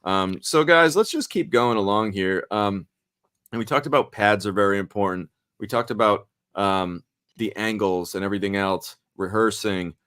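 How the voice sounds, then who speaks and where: A middle-aged man hosting a show, telling a story in casual chat full of swearing, with lively animated delivery. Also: on the low side, normal speed, smooth, no room sound, studio quality. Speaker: podcast host and actor.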